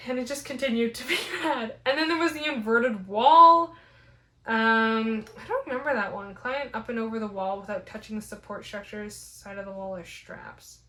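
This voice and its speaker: Young woman vlogger, higher voice, rambling casual storytelling, echoey room. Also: normal speed. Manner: rambling, many "like" fillers, animated. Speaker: fitness vlogger. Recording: roomy echo.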